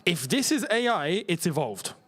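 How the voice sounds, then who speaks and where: A young man hosting a football watchalong stream, talking in a casual, disbelieving way, repeating himself and dropping to a mutter. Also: moderate pace. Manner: incredulous, repeats himself, swings between excited and muttering low. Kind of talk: casual live-stream chat.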